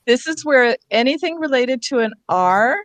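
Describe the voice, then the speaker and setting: A woman's voice: high-pitched, expressive, moderate pace, dry recording. A woman leading a reading workshop for teachers, explaining letters and sounds step by step.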